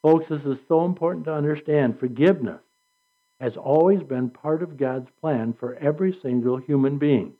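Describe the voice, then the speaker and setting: A man preaching a sermon with an animated delivery, reading scripture aloud and acting out quotes. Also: on the high side, moderate pace. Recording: dull lo-fi recording.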